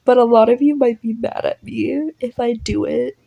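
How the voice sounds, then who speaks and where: A woman's voice: a little high, moderate pace, vocal fry, breathy edge, highs cut off. A woman casually narrating a listener role-play story in a rambling, apologetic way, with lots of fillers and swearing.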